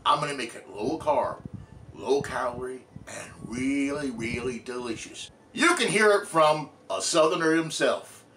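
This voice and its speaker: A man's voice: mid-range voice, animated, a little slow, sharp tone, a little hiss or hum. A man from California hosting a comedic cooking show with a put-on Southern drawl and showy, playful delivery. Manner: jokey, showy, playful emphasis.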